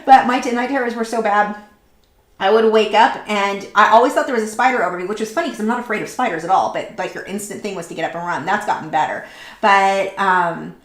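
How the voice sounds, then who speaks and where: Chatty woman in an echoey room. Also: mid-range voice. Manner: rambling storyteller with fillers and restarts. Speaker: artist hosting a live painting stream. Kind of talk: casual chat while painting.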